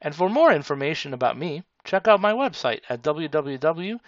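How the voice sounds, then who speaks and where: A man teaching a tutorial, speaking slowly and deliberately. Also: on the high side, big pitch swings, no echo. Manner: slow, deliberate, demonstrative. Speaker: speaking instructor. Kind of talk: tutorial explanation. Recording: dull lo-fi sound.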